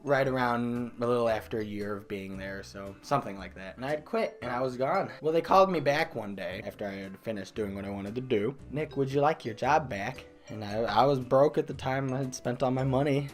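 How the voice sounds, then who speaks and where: A young man vlogging a comedic storytime about his old job, animated, breaking into loud exaggerated outbursts and laughs. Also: medium pitch, fairly quick, hardly any pauses, faint music behind. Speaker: vlogger telling a work story. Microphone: desk microphone.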